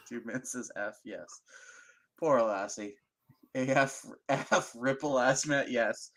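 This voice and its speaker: A man with a middle-pitched, ordinary voice co-hosts a loose stream chat. He trades dark jokes and laughs easily. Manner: joking, dark humor, quick to laugh. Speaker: stream co-host. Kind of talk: casual profane chat.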